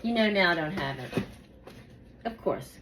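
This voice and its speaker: A woman's voice: fairly low pitch, animated, measured pace, background noise. A woman chatting casually about celebrity gossip while doing her makeup, rambling with many fillers and repeats, and sometimes whispering names as she pulls cards.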